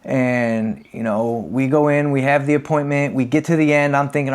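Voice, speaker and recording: A man's voice: medium pitch, moderate pace, clean tone. A man in his thirties hosting his own show, telling his story of addiction and probation in a candid, conversational way and acting out the people in it. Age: 30s. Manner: candid, animated when acting out quotes. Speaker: podcast host. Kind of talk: confessional storytelling.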